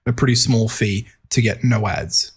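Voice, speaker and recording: A man's voice: fairly low pitch, moderate pace, breathy edge. A man co-hosting a casual gaming podcast, reasoning step by step and restarting his sentences as he thinks. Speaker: podcast co-host. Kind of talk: casual chat.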